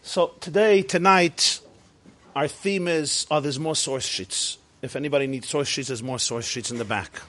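A man's voice: on the high side, moderate pace, a bit bright. Emphatic man teaching a Jewish faith class. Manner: emphatic, repetitive, builds phrase on phrase.

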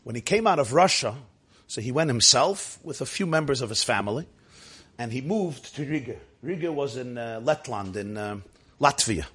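A man's voice: mid-range voice, expressive, moderate pace, a bit bright, slightly rough. A man teaching a Torah class as a rabbi, telling a story and explaining each Hebrew and Yiddish term step by step. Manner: explains terms and texts step by step, mixing in Yiddish and Hebrew words.

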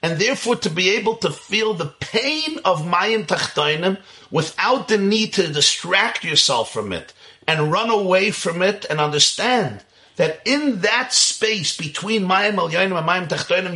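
Man, religious lecture on kabbalah, somewhat high voice, bright and forceful, animated, rhetorical questions. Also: normal speed. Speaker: teacher of Kabbalah.

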